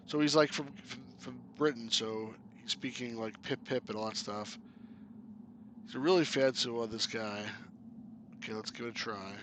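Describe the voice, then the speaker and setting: A man's voice: medium pitch, steady tone, normal speed, fairly bright tone, slight background noise. A man casually commenting on a point and click game as he plays, joking and laughing often. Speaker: game reviewer. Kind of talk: casual let's-play commentary.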